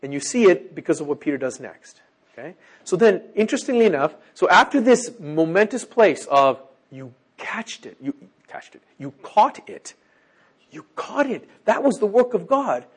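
A man preaching a sermon in an animated way, who keeps checking in with his listeners. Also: sits high, moderate pace, slightly rough.

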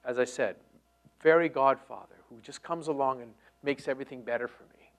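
A middle-aged man preaching a sermon, moving between loud emphatic lines and hushed near-whispers. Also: medium pitch, fairly quick. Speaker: pastor.

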